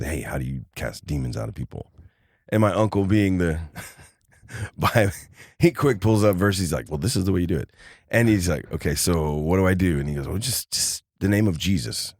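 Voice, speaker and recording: Man, low deep voice, animated podcast storyteller who acts out his characters, dry close recording. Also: dry recording. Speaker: podcast guest. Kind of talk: casual storytelling.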